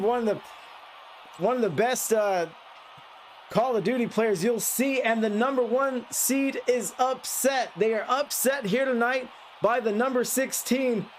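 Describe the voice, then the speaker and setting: A man calling an online esports match play by play, getting excitable and yelling at the big plays. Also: very high voice, slight background noise. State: out of breath. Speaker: esports caster. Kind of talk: play-by-play commentary.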